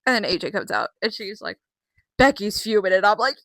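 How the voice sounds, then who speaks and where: A woman's voice: medium pitch, very animated, fairly quick, fairly bright tone, no room sound, low-quality recording. A young woman giving a casual, chatty wrestling recap at home, laughing and acting out quotes. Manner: chatty, giggly, acts out quotes. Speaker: vlogger.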